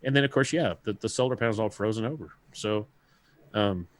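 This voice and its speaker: A relaxed man co-hosts a podcast, talking in a fairly low voice. He chuckles as he goes and restarts his sentences often, and his voice sounds close and dry, with no room around it. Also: fairly quick, no echo. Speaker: podcast co-host. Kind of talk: casual chat.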